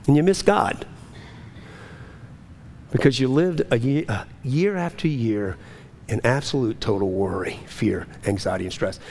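A man preaching a sermon, swinging between urgent, rising pleas and low, quiet passages. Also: measured pace, pauses often, a little hiss or hum. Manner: impassioned, rising to urgent high pleas then dropping low. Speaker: pastor.

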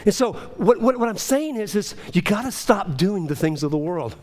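Male preacher, high-pitched, delivering a passionate sermon with sweeping highs and lows. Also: expressive, moderate pace, darkish tone. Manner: impassioned, rising to urgent high pleas then dropping low. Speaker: pastor.

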